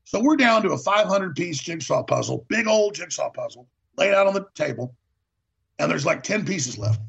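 A man's voice: fairly high pitch, animated, moderate pace, vocal fry, a bit bright, husky. A man hosting a talk show, delivering an impassioned political monologue, ranting and repeating words for emphasis, on a dull lo-fi recording.

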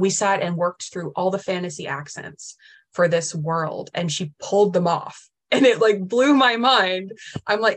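A woman with a slightly low voice talks as a guest author in a relaxed interview. She speaks with warm enthusiasm, leaning on "like" and "um" as she goes. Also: normal speed. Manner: enthusiastic, many "like" and "um" fillers. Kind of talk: casual interview chat.

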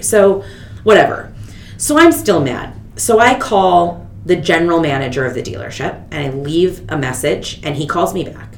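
A woman in her thirties hosting a podcast, telling a story in casual chat and acting out the people she quotes. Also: moderate pace. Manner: animated, quotes people with big pitch jumps. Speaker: podcast host. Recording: echoey room with faint rumble.

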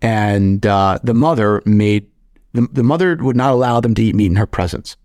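A young man co-hosting a podcast, telling animated stories in casual, profane chat. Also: on the low side, normal speed, dry recording, clean studio sound. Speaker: podcast co-host.

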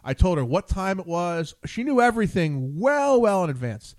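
A man's voice: high-pitched, very animated, normal speed, no room sound. A man hosting a chat show, telling a long story with lots of swearing and acted-out quotes. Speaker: show host. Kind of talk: casual chat.

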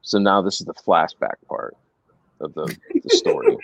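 A middle-aged man casually telling anecdotes as a guest, animated and laughing as he goes. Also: low-pitched, moderate pace, creaky. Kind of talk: casual storytelling. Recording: dry, slightly dull sound.

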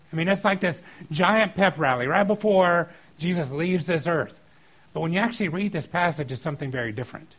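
Middle-aged guy preaching a sermon, earnest and chatty, voice sits a bit high for a man. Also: brisk, rough recording. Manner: conversational, earnest, with lively shifts in loudness. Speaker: pastor.

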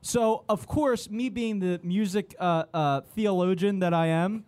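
A man's voice: high-pitched, unhurried, darkish tone. A young man hosting a podcast, chatting casually in a joking, rambling way. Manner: joking, rambling, puts on a radio DJ impression. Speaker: podcast host. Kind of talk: casual studio chat.

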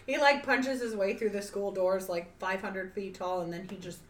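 A woman's voice: mid-range voice, steady tone, moderate pace, distant mic, a loud crowd. A woman co-hosting a casual podcast, chatting and laughing along. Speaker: podcast co-host. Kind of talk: casual chat. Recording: echoey room, off-mic.

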